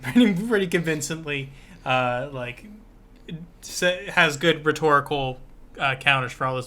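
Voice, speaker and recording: A man co-hosting a casual book podcast, explaining plot points in a halting way, full of restarts. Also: medium pitch, bright, forceful tone. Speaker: podcast co-host.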